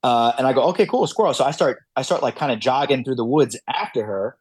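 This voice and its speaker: A man's voice: mid-range voice, a little fast, breathy edge, no echo. A man guest on a podcast, telling hunting stories casually, with many fillers and restarts. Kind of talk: casual storytelling.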